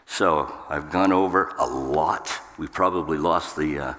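A man's voice: unhurried, fairly bright tone. A man preaching a sermon to a church congregation, talking emphatically and with humor. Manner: emphatic, jumps up in pitch for acted outbursts. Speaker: pastor. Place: church sanctuary. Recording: long hall reverb.

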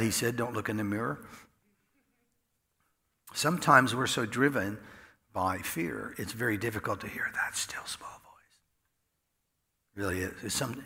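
Male preacher, gravelly voice, bright tone, folksy storytelling sermon, long hall reverb. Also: lowish voice. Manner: folksy storytelling, swings from loud to hushed.

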